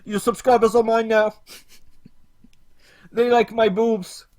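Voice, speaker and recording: A man's voice: very high-pitched, little pitch movement, takes it slowly, darkish tone, voice pushed up. A man voicing a smug, self-important woman video maker who speaks in grand, theatrical villain speeches. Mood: gloating.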